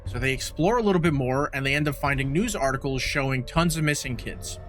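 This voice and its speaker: A man co-hosting a casual podcast, recapping a horror movie in a profane, animated way. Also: medium pitch, a little fast. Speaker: podcast co-host.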